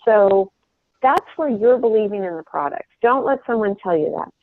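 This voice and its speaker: A woman's voice: medium pitch, lively intonation, moderate pace, dry recording. A middle-aged woman giving a sales coaching talk from home, earnest and rambling, often restarting her sentences. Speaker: sales trainer. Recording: tinny phone line.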